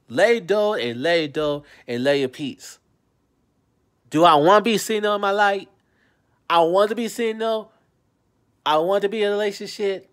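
A man's voice: sits high, fairly bright tone. A man from Charlotte, talking to his viewers in an emotional vlog, pleading and repeating himself. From Charlotte, North Carolina. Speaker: vlogger. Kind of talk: emotional direct-to-camera vlog. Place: his home city.

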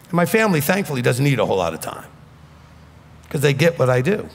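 A man's voice: medium pitch, big pitch swings, fast talker, creaky, in a large hall. A man with a New York accent preaching a sermon as a rabbi, blunt and emphatic.

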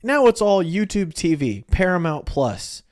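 A man with a high, unhurried voice co-hosts a podcast, chatting casually. He jokes around and tells stories in an animated way.

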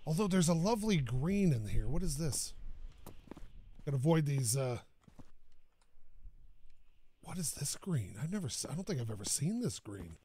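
Gaming host, male, from Canada, high voice, stuffy nose, rambling and chatty over game noise. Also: sing-song, moderate pace, long pauses, mellow. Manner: rambling, chatty, laughs often. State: stuffed-up, coughing from dust. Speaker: gaming YouTuber. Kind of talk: casual let's-play commentary.

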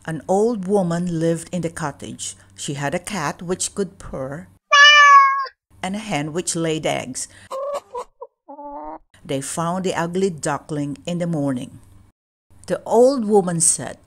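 A woman reading a children's storybook aloud in a calm, measured way. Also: fairly low pitch. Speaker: children's book reader.

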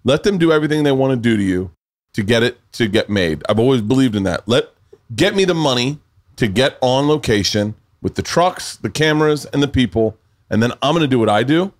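A man from the Southern US hosts a podcast, rambling with enthusiasm and swearing casually. His voice sits at an ordinary middle pitch. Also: animated, a little fast. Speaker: podcast host.

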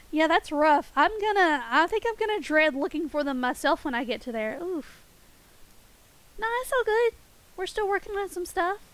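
A woman's voice: extremely high pitch, animated, moderate pace, long pauses, a bit bright, poor audio. A woman streaming a game and chatting playfully with her viewers, giggling often. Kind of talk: casual game stream chat with chat.

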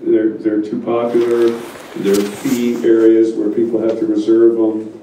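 A wolf biologist speaking plainly at a public meeting, answering questions in a loose, halting way with many fillers. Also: male voice, on the low side, completely flat delivery, dark tone. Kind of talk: public talk and Q&A. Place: meeting room. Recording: echoey hall from far off, faint noise.

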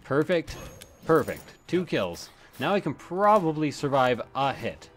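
A man's voice: on the high side, sing-song, a little slow, a bit bright. A man giving casual, rambling commentary while playing a video game, swearing often and drifting into asides. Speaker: let's play gamer.

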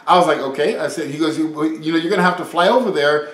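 A man preaching an informal sermon, reading scripture and retelling conversations in a lively, conversational way. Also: on the high side, fast talker, roomy sound, rough recording.

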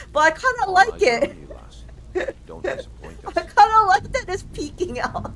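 Loud high-voiced woman streamer. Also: very animated, takes it slowly. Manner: loud, swearing, laughing a lot. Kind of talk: livestream gaming commentary.

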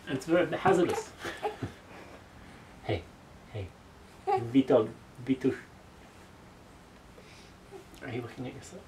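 A woman's voice: rumbling low, expressive, takes it slowly, long pauses, mellow, a little hiss or hum. A woman at home cooing sing-song baby talk and giggling while she chats to the person filming. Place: family home.

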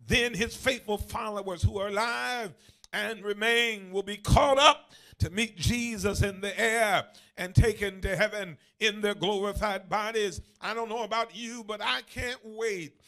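A bishop delivers a sermon in a high, gravelly voice. He preaches unhurriedly, drawing out words and climbing into shouted, chant-like repetitions, with frequent "uh" fillers between phrases. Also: measured pace. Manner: rising into shouted, sung cadences with repeated phrases.

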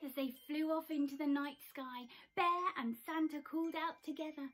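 A woman voicing a cheerful animal storyteller, reading a children's story slowly in a sing-song, expressive way. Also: high-pitched.

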